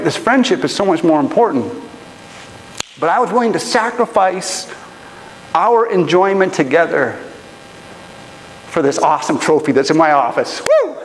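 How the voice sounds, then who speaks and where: Guy pastor telling a funny story in a sermon, pretty high voice, big echoey church sound. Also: slight background noise. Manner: animated, storytelling with acted-out quotes and humor. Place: church auditorium.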